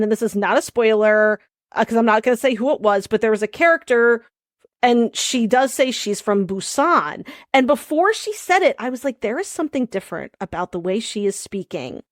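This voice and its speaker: A woman's voice: a little high, no room sound, studio quality. A woman co-hosting a podcast in a casual chat. She talks in a chatty, loose way, laughs often and trails off into restarts. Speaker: podcast co-host.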